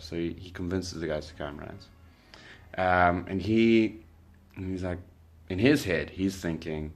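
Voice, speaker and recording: A young South African man casually telling a story, relaxed and rambling, with lots of fillers and restarts. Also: low-pitched, a little slow. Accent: South African English. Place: indoors by candlelight.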